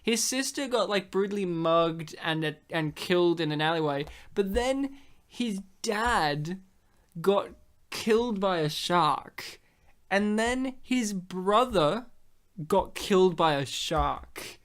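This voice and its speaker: A man's voice: sits high, animated, slow pace. A man chatting casually on a podcast, rambling through comic bits. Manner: rambling, joking, slips into silly voices and laughs often. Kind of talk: casual comedic chat.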